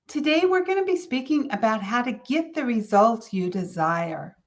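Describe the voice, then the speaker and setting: A middle-aged woman from California hosting a motivational business podcast, telling a family story with lively, animated delivery. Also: on the high side, normal speed. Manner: storytelling, animated, quotes others in character. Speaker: podcast host.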